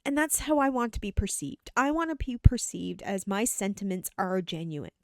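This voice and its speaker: A woman's voice: medium pitch, very animated, normal speed, darkish tone, no echo, studio quality. A woman from Canada talking casually and animatedly, acting out the greetings she quotes. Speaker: host. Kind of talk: casual opinion talk.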